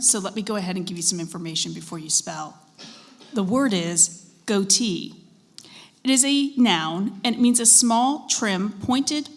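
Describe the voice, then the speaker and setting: In a school event hall, a woman with a mid-range voice acts as pronouncer for a spelling bee. She reads each word and its dictionary definition in a measured, deliberate manner, politely prompting the contestants in this formal competition setting.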